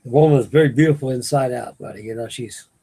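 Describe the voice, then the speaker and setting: At home at night, an older man hosts a late-night live chat with his viewers, rambling in a folksy, meandering way and restarting sentences. His mid-range voice is warm and husky, and he talks fast.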